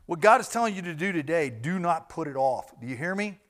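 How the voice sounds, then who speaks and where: A man's voice: on the high side, animated, fairly quick, fairly bright tone. A pastor preaching a sermon, emphatic and repetitive as he exhorts his congregation.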